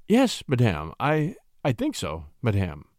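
A man's voice: mid-range voice, huge pitch swings, unhurried, darkish tone, no room sound, studio quality, voice pushed down. A man voicing a bashful young shepherd poet who stammers shyly. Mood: flustered. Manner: stammering, shy.

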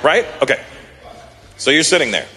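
A male stand-up comedian performs in a venue with a long, ringing reverb and a faint hum of room noise behind him. His delivery is highly animated, swinging widely in pitch as he tells stories. His voice sits a bit higher than most men's, and he jumps into shouted impressions of other people. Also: normal speed. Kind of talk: stand-up routine.

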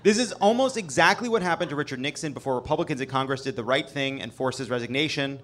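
A man's voice: mid-range voice, expressive, quick pace, fairly bright tone. A man hosting a live comedy show on stage, delivering a sarcastic news monologue and swearing for emphasis. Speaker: host.

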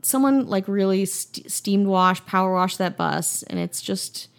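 A woman's voice: mid-range voice, animated, a little slow, clear, resonant tone. A woman co-hosting a podcast in casual chat, chatty and trailing off with fillers. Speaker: podcast co-host.

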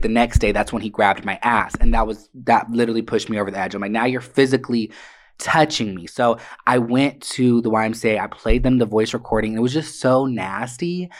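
A woman's voice: very deep voice, fairly quick. A woman co-hosting a casual chat, telling stories bluntly with plenty of swearing. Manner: blunt, profane storytelling.

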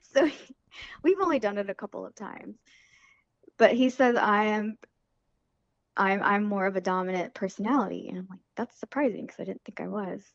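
A woman's voice: mid-range voice, normal speed, vocal fry, no room sound, dull audio. A woman guest talking casually and hesitantly about personal matters, with many fillers and a tearful edge. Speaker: podcast guest.

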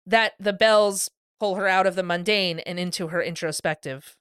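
A woman co-hosting a podcast, chatting casually with animated, enthusiastic energy and frequent laughter. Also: on the low side, moderate pace, clean tone, no echo, clean studio sound. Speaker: podcast co-host. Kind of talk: casual chat.

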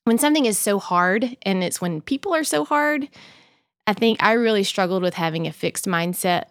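A woman's voice: normal speed, no room sound, studio quality. A woman in her forties, a mother of two, chatting candidly as a podcast guest and lifting her voice when she quotes herself. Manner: candid and animated, jumps up in pitch when quoting herself. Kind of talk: casual interview chat.

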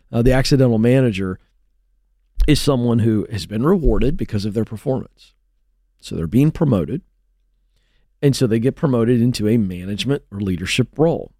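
Animated male talk show host. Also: mid-range voice, dry recording, clean studio sound. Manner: animated, storytelling, emphatic. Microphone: studio mic.

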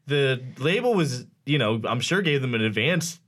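A man's voice: medium pitch, lively intonation, moderate pace, fairly bright tone. A man hosting a podcast, talking casually in a rambling, sardonic way with lots of fillers. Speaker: podcast host. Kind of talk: casual chat.

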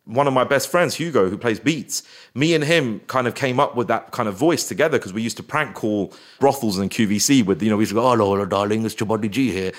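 A man, chatting as a guest in an interview and often slipping into quick put-on voices and impressions. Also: mid-range voice, lively intonation. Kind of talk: casual interview chat.

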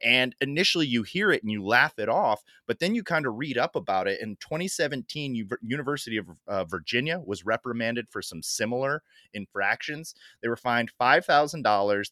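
A man's voice: medium pitch, bright, forceful tone, dry recording, clean studio sound. A man hosting a sports podcast in casual talk, ranting sarcastically and getting worked up as he goes.

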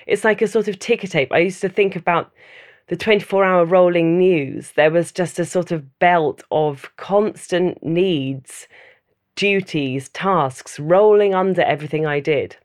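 A woman giving a thoughtful, measured personal account in an interview, often listing things in runs. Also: lowish voice. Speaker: mother interviewed about loneliness.

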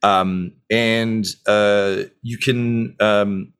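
A man's voice: lowish voice, little pitch movement, very slow, a bit bright, smooth. A man narrating a tabletop game as game master, full of ums and uhs as he goes.

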